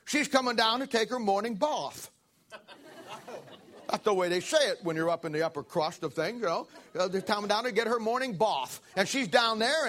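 A male preacher with a notably high voice tells a Bible story to his congregation. He speaks in a folksy, animated manner, full of fillers and little asides. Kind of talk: sermon storytelling.

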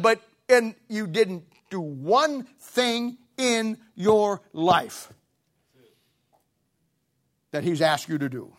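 A man delivers a sermon in a blunt, scolding, plain-spoken way. His voice sits a little high for a man. He drops to quiet murmurs, then climbs to loud, emphatic peaks. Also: very animated, slow. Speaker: preacher.

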